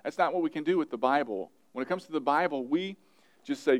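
A man's voice: medium pitch, fast talker, a little mellow. A male pastor, around his thirties, preaching an emphatic sermon and repeating his key phrases.

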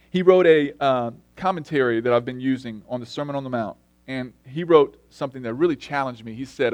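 A middle-aged man preaching a sermon in an earnest, storytelling way, dropping soft and then rising emphatic. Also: fairly high pitch, dry recording. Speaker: lay preacher.

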